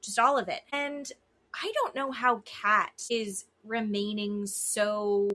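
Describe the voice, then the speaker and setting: A woman's voice: mid-range voice, takes it slowly, sharp tone. A woman co-hosting a podcast, chatting casually and bluntly about a reality show, swearing freely. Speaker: podcast co-host. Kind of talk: casual chat recapping reality TV.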